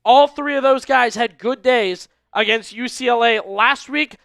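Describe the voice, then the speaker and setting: A man's voice: very high-pitched, a little slow, vocal fry, a bit bright, clear, resonant tone, dry recording. A man hosting a live sports stream, giving casual pregame commentary and talking straight to his viewers, often repeating phrases for emphasis. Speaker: livestream sports show host.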